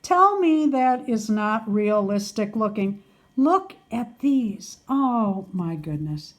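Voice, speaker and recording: A woman's voice: medium pitch, lively intonation, slow pace. An older woman unboxing a parcel of doll items and gushing over each piece with delighted exclamations. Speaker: doll collector vlogger. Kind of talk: unboxing video chat.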